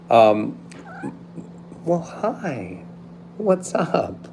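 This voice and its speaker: A man hosting a casual livestream, rambling and hesitant with many fillers, often trailing off quietly. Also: fairly low pitch, slow pace, long pauses, slight background noise. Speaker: livestream host.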